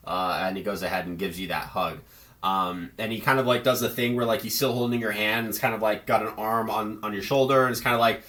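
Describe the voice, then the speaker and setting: A man's voice: fairly low pitch, fairly even intonation, quick pace, sharp tone. A man narrating a tabletop game as game master, casual and rambling with many fillers.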